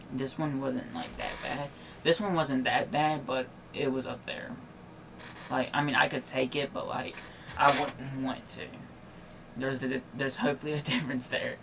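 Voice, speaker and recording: A man's voice: medium pitch, creaky, background noise. A tired, yawning young man telling a personal story on his podcast in a rambling, casual way, full of likes and restarts. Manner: rambling, filler-heavy with many likes and restarts. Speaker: podcast host.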